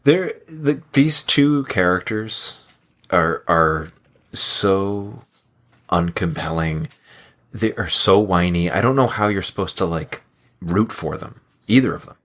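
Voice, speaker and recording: A man's voice: deep voice, animated, slow pace, fairly bright tone. A man co-hosting a comedy podcast, ranting in exasperation and laughing between points. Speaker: podcast co-host. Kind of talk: casual comedic chat.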